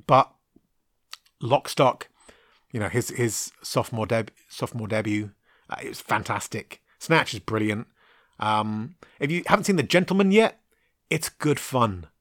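A man's voice: mid-range voice, fairly bright tone, no echo, clean studio sound. A man in his thirties, chatting through a casual solo film-review podcast, rambling with lots of ums and frank asides. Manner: rambling, frequent ums and restarts, frank with mild swearing.

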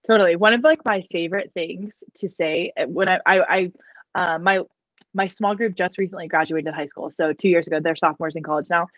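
A woman's voice: fairly low pitch, brisk, no echo. Jokey woman guest, dull dry sound. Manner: jokey, lively, self-deprecating. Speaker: guest, online comedian. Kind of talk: casual conversation about faith.

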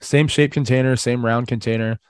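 A man's voice: mid-range voice, fairly even intonation, fairly quick, clean tone, no echo. Teasing male podcast host, dry sound. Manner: teasing, laughs often, sets up crude hypotheticals. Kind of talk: casual podcast chat.

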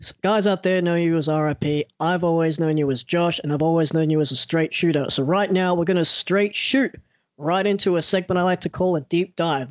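Lively podcast host, dry sound. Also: male voice, on the high side, no echo. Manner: animated storyteller, swears freely, acts out quotes. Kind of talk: casual podcast interview.

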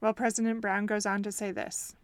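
A woman's voice: mid-range voice, level tone, brisk, no room sound. Earnest woman telling a faith story. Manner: earnest, reflective, asks listeners questions. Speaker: podcast host and counselor. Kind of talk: faith-based podcast storytelling.

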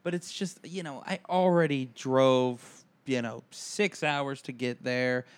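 A man's voice: mid-range voice, steady tone, slow pace, clear, resonant tone. A man co-hosting a casual comedy podcast, telling a rambling, self-deprecating story. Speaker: podcast co-host.

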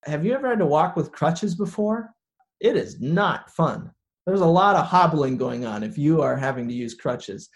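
Man preaching with a lively storytelling manner. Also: fairly high pitch. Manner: storytelling, acts out quoted lines. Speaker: pastor. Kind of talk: sermon.

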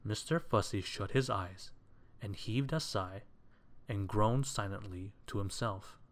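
Male storyteller, slow unhurried reading, lowish voice.

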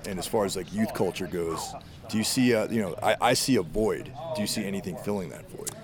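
A deep-voiced male podcast host asks slow, halting questions, searching for words as he goes. He is recorded outdoors in a parking lot, with a crowd chattering around him. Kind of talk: casual interview. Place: parking lot outside a venue.

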